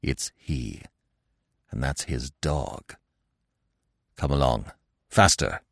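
A man's voice: a bass voice, very animated, measured pace, creaky, dry recording, studio quality, voice pushed down, exaggerated voice. A man voicing a wise old male stag in a storybook reading, speaking with urgent, emphatic commands. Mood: hushed. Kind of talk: audiobook reading.

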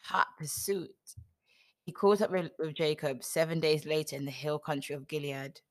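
A woman with a low, deep-set voice reads a scripture story aloud at an easy, casual pace. She keeps it informal, slipping in dry joking remarks between passages. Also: steady tone, moderate pace. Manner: reads aloud, breaking off for wry joking asides. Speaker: scripture reader.

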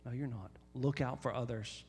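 A man preaching a sermon as pastor, emphatic and repetitive, often rising to loud, high exhortation. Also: fairly even intonation, moderate pace, in a large hall, slight background noise.

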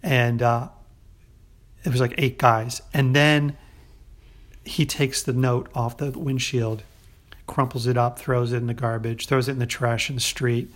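Speaking at a measured pace with long pauses, this podcast co-host, a young adult man with a medium-pitched voice, recounts a story conversationally. He animatedly performs the quoted voices of the story's characters.

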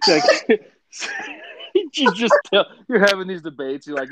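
A man's voice: high voice, lively intonation, takes it slowly, noisy background. A young man in casual podcast chat, laid-back and cheering on his friend's jokes. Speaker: podcast co-host. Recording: dull lo-fi sound.

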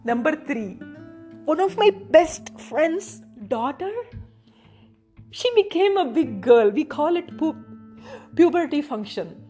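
A woman's voice: high voice, expressive, slow pace, long pauses, warm tone, faint music behind. A woman from India, likely in her thirties, hosting a casual personal podcast. She talks in a gushing, emotional way and keeps saying how amazed she is. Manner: gushing, emotional, repeats "oh my God". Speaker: podcast host.

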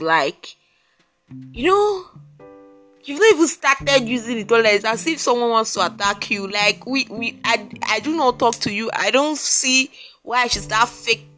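Podcast host: Nigerian woman, mid-pitched, exasperated storytelling, faint guitar music behind. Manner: animated, exasperated, repeats herself for emphasis. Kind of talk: casual personal storytelling monologue.

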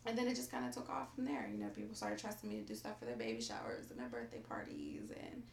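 Gravelly, bright-voiced woman chatting in an echoey room. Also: very deep voice, fast, slight background noise. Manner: animated storyteller, lots of "like". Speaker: guest baker. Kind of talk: casual podcast chat.

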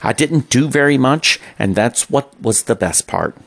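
A man voicing a friendly male office manager with a Scottish accent, making relaxed small talk. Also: medium pitch, a little slow, pitched above the performer's own voice.

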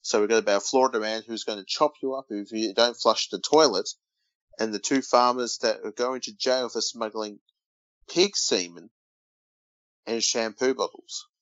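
A man's voice: fairly low pitch, steady tone, moderate pace, a bit bright, no room sound. An Australian man co-hosting a casual podcast, reading odd news stories aloud and teasing his brother. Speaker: podcast co-host. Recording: dull lo-fi dry recording.

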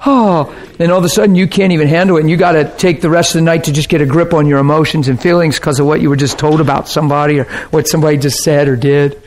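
A man's voice: a little high, steady tone, fast, hardly any pauses, a little mellow, a little hiss or hum. A man preaching a sermon in an earnest, conversational way, often checking that his listeners follow.

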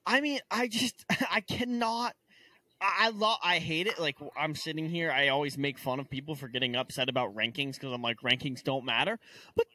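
A man's voice: on the high side, fairly even intonation, moderate pace, bright, forceful tone. A young man co-hosting a casual sports podcast, ranting in exasperation with stammered restarts. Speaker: podcast co-host.

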